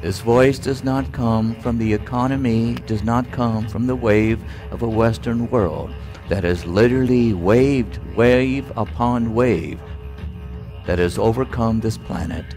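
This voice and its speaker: A man giving a solemn spiritual talk, with deliberate phrasing and long pauses. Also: mid-range voice, steady tone, a little mellow, faint music behind. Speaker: spiritual teacher.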